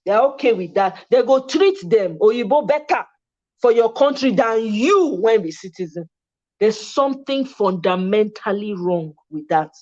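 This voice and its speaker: A woman's voice: medium pitch, expressive, moderate pace, darkish tone, lo-fi sound. A Nigerian woman hosting a casual livestream talk, speaking passionately and switching between English and Pidgin. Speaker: host.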